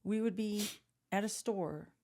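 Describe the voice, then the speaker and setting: A woman co-hosting a podcast in a studio, telling stories in a casual, animated way and acting out quotes. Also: medium pitch, a little slow. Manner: animated storyteller, acts out quotes. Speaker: podcast co-host.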